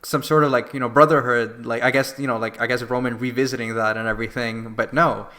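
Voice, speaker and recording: A man co-hosting a podcast, retelling a wrestling event in an animated, casual way full of fillers. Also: medium pitch, fast. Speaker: podcast co-host. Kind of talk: casual wrestling review chat.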